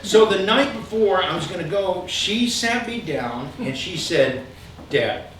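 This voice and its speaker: A man's voice: high-pitched, unhurried. Laughing middle-aged man telling stories in a big echoey hall. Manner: animated, laughing, self-mocking. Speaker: storyteller. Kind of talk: live comic storytelling. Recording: echoey hall, far mic, noisy.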